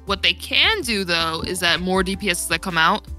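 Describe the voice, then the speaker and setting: A woman's voice: lowish voice, animated, normal speed, pushed and bright, soft background music. A young woman talking in a casual gaming podcast chat, rambling and laughing often, her voice getting worn. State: losing her voice. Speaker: podcast guest.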